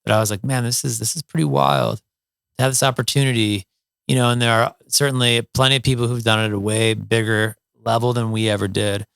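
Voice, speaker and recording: A man's voice: mid-range voice, fairly even intonation, quick pace, gravelly, a bit bright, clean tone, dry recording, clean studio sound. A middle-aged man from Ohio, a musician, telling stories in a casual interview, with many fillers and restarts. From Toledo, Ohio, USA. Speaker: guest, musician.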